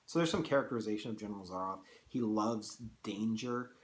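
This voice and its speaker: A man reading a story aloud as a teacher, expressively, and breaking off for quick, casual explanatory asides. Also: lowish voice. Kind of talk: read-aloud with analysis.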